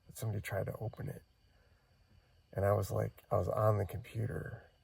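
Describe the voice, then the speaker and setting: Gravelly low-voiced man, regretful retelling. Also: dark tone. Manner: rambling, hesitant, regretful retelling. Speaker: van-dwelling vlogger. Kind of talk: casual spoken recollection. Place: inside a parked van.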